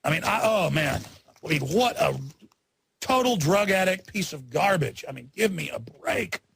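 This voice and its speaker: A man's voice: on the high side, lively intonation, normal speed, vocal fry, fairly bright tone, slightly rough. A man as a talk radio host delivering a heated, indignant rant. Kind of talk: angry ranting commentary.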